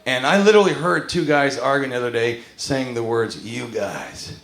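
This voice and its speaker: A man from Texas performing live stand-up comedy, telling stories with quick asides. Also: medium pitch. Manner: animated storytelling with quick asides. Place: comedy club with full audience. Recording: roomy club with loud audience laughter.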